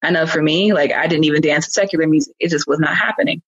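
A woman speaks earnestly and from the heart as a guest in a relaxed chat. Her voice comes through a slightly dull, muffled recording with a dry, close sound. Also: low-pitched, quick pace, slightly rough, dry recording. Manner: earnest, heartfelt, laughs easily. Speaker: guest, praise dancer. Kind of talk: casual conversation.

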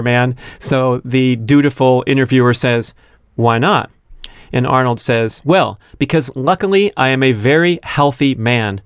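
Man, podcast host, casual solo monologue, chatty, fillers, mid-pitched, dry sound. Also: smooth, no echo. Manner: chatty, with frequent fillers and amused asides.

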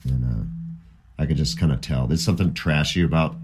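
A middle-aged man chatting casually about music, rambling and animated, often laughing as he remembers. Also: rumbling low, a little fast, background noise.

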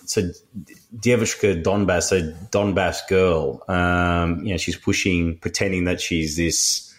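A man hosting a podcast in casual chat, conversational and relaxed. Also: sits low, slow. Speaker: podcast host.

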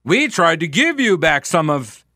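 A man's voice: fairly high pitch, very animated, a little slow, sharp tone, dry recording, clean studio sound. A man hosting a political talk radio show, ranting in a sarcastic, exasperated way. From United States. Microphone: studio microphone.

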